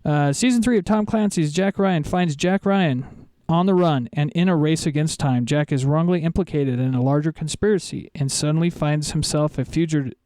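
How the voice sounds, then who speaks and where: A man co-hosting a casual podcast, enthusiastic and quick to laugh, often restarting his words. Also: on the high side, mellow, dry recording, studio quality. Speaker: podcast co-host.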